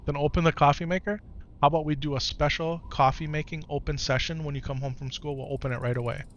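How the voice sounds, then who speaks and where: A man in his thirties with an American accent, a streamer and father talking at home, gentle and patient with his child, lively with his chat. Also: fairly high pitch, fast talker, dull audio, slight background noise. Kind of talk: casual live-stream chat.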